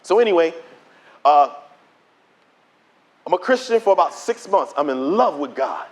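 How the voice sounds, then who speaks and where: A middle-aged man giving his testimony as a preacher, telling the story in an animated way and acting out the dialogue. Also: a little high, moderate pace. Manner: animated storytelling, acts out dialogue in quoted voices. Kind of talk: preached testimony to a conference audience.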